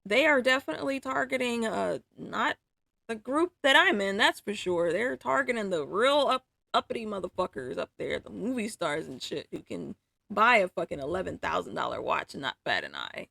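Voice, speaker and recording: Foul-mouthed woman livestreaming, gravelly and lively. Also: medium pitch, moderate pace, no room sound. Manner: swears freely, exclaims in disbelief. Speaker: livestreaming artist. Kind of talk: casual livestream chat.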